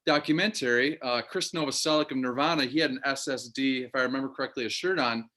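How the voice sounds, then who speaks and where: A man's voice: medium pitch, quick pace, pushed and bright. A man hosting a podcast interview in a casual way, with an eager, joking fan's manner. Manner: eager, jokey fan. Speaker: podcast host.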